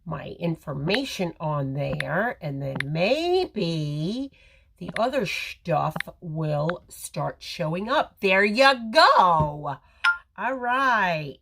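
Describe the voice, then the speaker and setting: Chatty woman with a lively voice. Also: lowish voice, extremely slow, vocal fry, noisy background. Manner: chatty, rambling, talks to viewers. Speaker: makeup livestream host. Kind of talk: casual live makeup tutorial. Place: home or salon with ring light. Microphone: phone camera.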